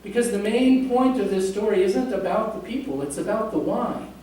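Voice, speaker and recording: High-voiced pastor in an echoey church. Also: male voice, moderate pace, mellow, a little hiss or hum. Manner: conversational, jokes with the congregation. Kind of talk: sermon. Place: church sanctuary. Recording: echoey church from a distant mic.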